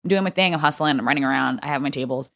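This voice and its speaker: A young adult woman, a podcast guest, telling an animated, profane story full of fillers in casual chat. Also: low voice, racing, creaky.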